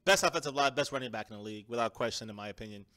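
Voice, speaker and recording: A man hosting a casual live-stream sports chat, energetic and emphatic, often calling out to viewers. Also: mid-range voice, very fast. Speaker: fan show host.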